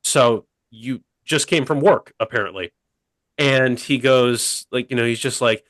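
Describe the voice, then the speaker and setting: A man telling a funny story on a podcast in a deadpan, rambling way, full of fillers. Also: mid-range voice, a little slow, dry recording. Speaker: podcast co-host. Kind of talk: casual comedic storytelling.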